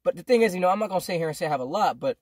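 Young man, fast rambling storyteller, slangy and profane, dry close sound, casual vlog. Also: sits high, lively intonation, a little mellow, dry recording. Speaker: vlogger.

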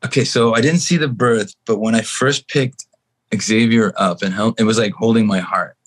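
Husky-voiced man telling a lively anecdote. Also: lowish voice, normal speed. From Canada. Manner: animated, acts out other people's lines in shifting voices. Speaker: guest musician. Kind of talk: storytelling anecdote in a podcast chat.

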